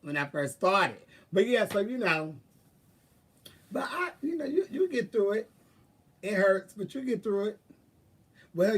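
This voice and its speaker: A man with a slightly high voice talks with viewers in a loose, sassy way. He swears freely and throws out drawling asides. He sits a little back from the mic. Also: husky, far from the mic. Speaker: live-stream host. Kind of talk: casual chat, answering viewers.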